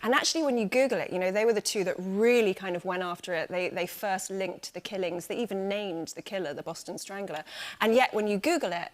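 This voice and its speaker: A woman chatting as an actress guest on a late-night talk show, quick and full of yeahs. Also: mid-range voice. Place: TV studio.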